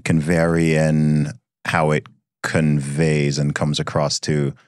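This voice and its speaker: Extremely deep-voiced man asking thoughtfully. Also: completely flat delivery, smooth, no room sound, clean studio sound. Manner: thoughtful, measured questions with frequent listening murmurs. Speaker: podcast host. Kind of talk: conversational interview.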